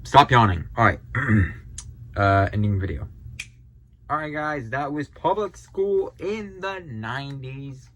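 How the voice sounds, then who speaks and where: A man's voice: medium pitch, expressive, slow pace, noisy background. A man hosting a reaction video, sounding tired and yawning, talking hesitantly with sighs and trailing sentences. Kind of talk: casual reaction commentary.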